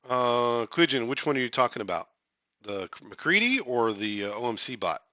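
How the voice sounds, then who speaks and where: A man's voice: mid-range voice, big pitch swings, moderate pace, sharp tone, no echo. A man hosting a casual live stream, chatting with viewers in a rambling, joking way, full of fillers and restarts.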